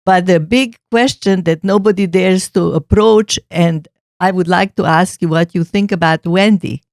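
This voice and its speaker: An older woman co-hosting a podcast, talking about her long marriage in a halting way. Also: fairly low pitch, a little mellow, no room sound, studio quality. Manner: halting, many restarts. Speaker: podcast co-host. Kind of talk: casual chat.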